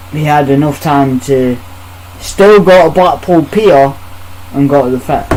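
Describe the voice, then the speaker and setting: A man's voice: mid-range voice, a little mellow, a little hiss or hum, poor audio. A man on a podcast, telling a story in casual chat, bluntly and with heavy swearing while acting out the exchanges he quotes. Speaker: podcast host.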